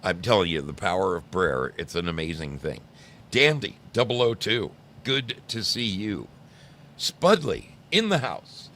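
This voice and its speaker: Low-pitched and a little slow, this livestream host's voice swings widely in pitch and sounds a bit bright over slight background noise. He's a sixty-something from New Jersey who teases his chat viewers and wanders through stories in casual conversation.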